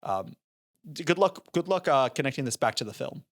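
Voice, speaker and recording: Brief: animated male co-host, expressive intonation, joking banter. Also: mid-range voice, a little fast. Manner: animated, laughs often, jokey. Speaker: podcast co-host. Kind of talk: casual podcast banter.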